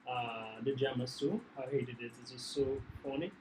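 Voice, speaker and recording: A man hosting a reaction video, excitedly praising what he watched. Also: mid-range voice, moderate pace, noisy background. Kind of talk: casual reaction chat.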